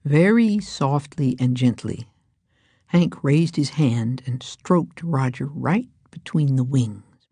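A woman reading a children's storybook aloud in a hushed, breathy manner. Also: rumbling low, slow, no echo.

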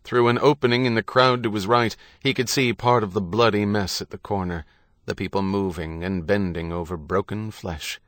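A man narrating an audiobook in a measured, grave reading. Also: on the low side, steady tone, a bit bright, no room sound, studio quality. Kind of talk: scripted narration.

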